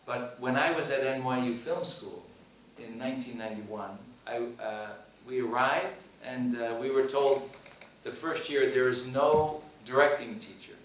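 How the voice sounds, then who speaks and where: A man's voice: medium pitch, fairly even intonation, unhurried, few pauses, a little hiss or hum. A man, a film director and teacher, telling a story at a screening Q&A with hesitant restarts. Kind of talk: public Q&A after a screening. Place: screening hall with audience. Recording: echoey hall, mic from far off.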